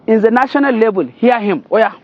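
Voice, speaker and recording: A Nigerian man with a very high voice that swoops up and down as he scolds. His tone is indignant and his words come in bursts. The sound is dull and lo-fi. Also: lively intonation, fairly quick, dry recording. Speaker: political commentator. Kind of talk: commentary translating a clip.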